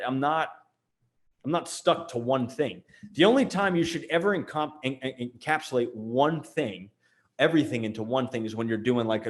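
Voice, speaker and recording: A man talks through marketing lessons in a loose, emphatic way. He restarts sentences and piles on fillers as he goes. His voice sits at an ordinary middle pitch. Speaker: host. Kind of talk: casual marketing talk to camera.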